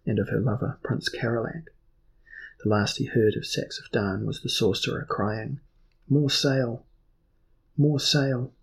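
A man narrating a fantasy audiobook in steady, measured storytelling. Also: fairly low pitch, vocal fry, breathy edge, poor audio.

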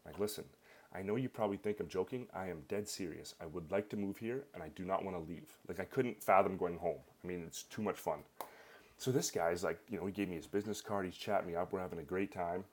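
A man's voice: sits low, quick pace. A young Canadian man with a Canadian accent telling a personal story in a rambling, casual way, full of fillers. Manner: rambling, filler-heavy, animated.

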